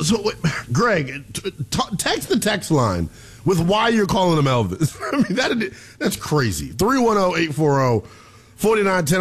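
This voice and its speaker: A man hosting a sports radio call-in show, taking callers in a loose, joking way and breaking into laughter and shouts. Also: a little high. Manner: animated, laughs often, jumps into shouts.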